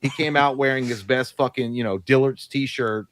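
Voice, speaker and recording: A man's voice: mid-range voice, normal speed. A man co-hosting a live show, telling profane stories in casual chat and acting out quoted lines. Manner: profane, animated storytelling with voiced quotes. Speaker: podcast co-host.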